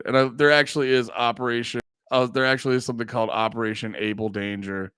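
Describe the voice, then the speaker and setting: A man's voice: medium pitch, steady tone, fast talker, bright, forceful tone, clean tone, dry recording, studio quality. A man streaming and reacting to a documentary, rambling, laughing and swearing in casual commentary.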